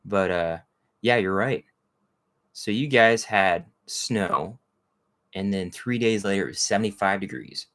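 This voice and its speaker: His voice sits on the low side and is a bit bright, and he takes his time. This Texan hosts a casual livestream, chatting in a rambling way and greeting viewers by name.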